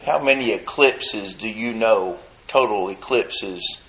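A man preaching a sermon, retelling a scene dramatically and acting out the crowd's shouts. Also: fairly low pitch, low-quality recording. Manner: slow, drawn-out delivery with long pauses.

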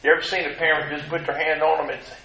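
A man's voice: fairly high pitch, level tone, very fast, vocal fry, bright, forceful tone. A male preacher giving an emphatic sermon and reading scripture aloud. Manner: emphatic, reads scripture in old-fashioned phrasing. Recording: echoey room.

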